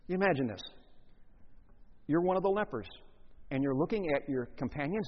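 A man preaching a sermon in an animated way, acting out scenes with big swings in pitch and volume. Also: brisk, long pauses. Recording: long hall reverb, muffled lo-fi sound.

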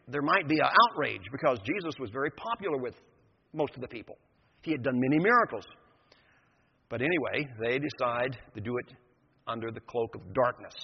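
A man's voice: mid-range voice, a little hiss or hum. An older man preaching a sermon, retelling a scripture story with vivid, emphatic storytelling. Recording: dull lo-fi sound in a reverberant hall.

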